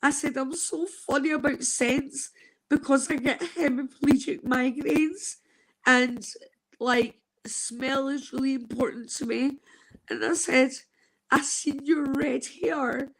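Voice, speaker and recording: A Scottish woman from Scotland telling an emotional personal story, halting and tearful. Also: high voice, fairly even intonation, rough recording.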